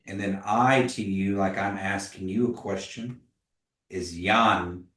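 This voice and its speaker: Man, low-pitched, language teacher, patient, casual, echoey room, distant mic. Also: fairly even intonation, slow, fairly bright tone. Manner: patient, models pronunciation, tells anecdotes. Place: classroom.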